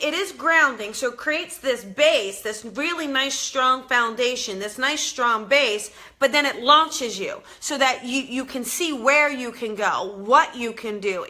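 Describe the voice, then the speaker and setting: Woman, host, high voice, bright tone, chatty, upbeat, casual live stream, backyard garden. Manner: chatty, upbeat, talks to viewers while walking.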